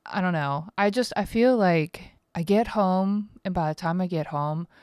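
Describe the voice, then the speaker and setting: A woman's voice: lowish voice, normal speed, darkish tone, smooth, dry recording, clean studio sound. A woman in her thirties hosting a casual solo podcast from home, tired, rambling and candid, swearing freely. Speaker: podcast host.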